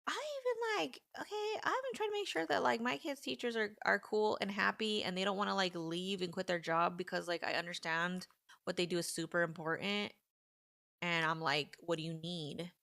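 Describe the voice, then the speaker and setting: Gravelly-voiced woman venting on a live stream. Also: fairly low pitch, normal speed, no echo, clean studio sound. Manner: animated, indignant, frequent "like". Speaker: livestream host. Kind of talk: casual live-stream chat.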